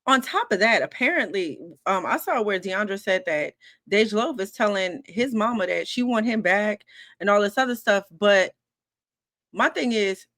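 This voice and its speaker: A woman's voice: medium pitch, lively intonation, moderate pace, a bit bright, no room sound. Emphatic woman co-host, dry sound. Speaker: podcast co-host. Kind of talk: casual gossip chat.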